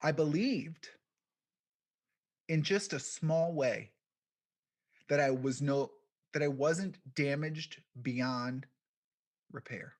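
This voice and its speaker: A man giving a keynote, telling a personal story in a quiet, reflective way with deliberate pauses. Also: fairly high pitch. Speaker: keynote speaker, podcast founder.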